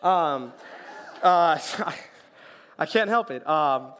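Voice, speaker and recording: A young man preaching a sermon as youth pastor, lively and joking, acting out little quotes. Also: fairly high pitch, slow pace, smooth. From Colombian family, raised in Florida.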